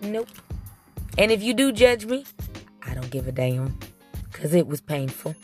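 Animated woman telling a story, lowish voice. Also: unhurried, faint music behind. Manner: emphatic and animated, talks straight to the audience. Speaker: vlogger telling her labor story. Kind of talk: casual storytelling to viewers.

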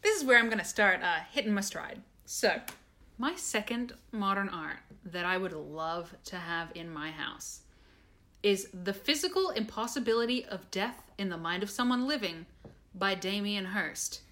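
A woman's voice: mid-range voice, lively intonation, moderate pace, bright, forceful tone. A woman co-hosting a podcast in loose, casual talk. She is blunt and sarcastic, and swears freely as she talks. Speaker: podcast co-host. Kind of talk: casual chat.

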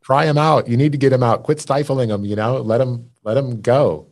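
A man's voice: mid-range voice, fairly even intonation, fairly quick. A man hosting a recovery podcast, plain-spoken and encouraging, who swears now and then. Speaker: podcast host. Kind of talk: casual conversation.

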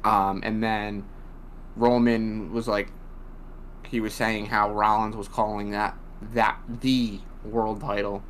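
A man's voice: lowish voice, flat delivery, slow, a little hiss or hum. A young man co-hosting a casual chat, retelling events bluntly with swearing and rambling asides. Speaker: podcast co-host. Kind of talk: casual wrestling recap chat.

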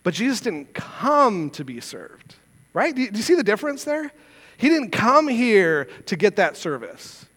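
A man's voice: high voice, sing-song, normal speed, a bit bright, husky, in a large hall. A man preaching a sermon as pastor, earnest and conversational, asking his listeners rhetorical questions. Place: church sanctuary.

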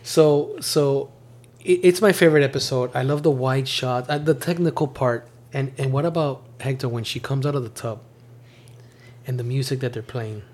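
Male podcast host, mid-pitch, rambling and animated, casual home chat. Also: normal speed. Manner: rambling, animated, many restarts. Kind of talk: casual chat reviewing a TV series.

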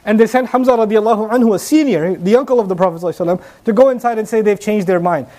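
A man's voice: high-pitched, very fast, mellow. A man giving a sermon, emphatic, with repeated rhetorical questions. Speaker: preacher.

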